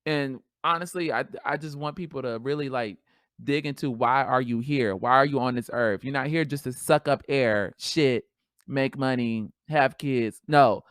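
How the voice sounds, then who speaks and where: A woman hosting a podcast solo, talking in a casual, animated, slangy way and laughing often. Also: extremely low pitch, normal speed, no echo, studio quality. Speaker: podcast host.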